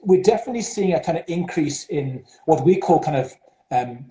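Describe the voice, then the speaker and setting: A South African man, a headmaster with a South African accent, answers interview questions on a video call in a hesitant way, with lots of fillers and restarts. His voice is a little high, expressive, brisk and dark in tone. There's roomy echo in the recording.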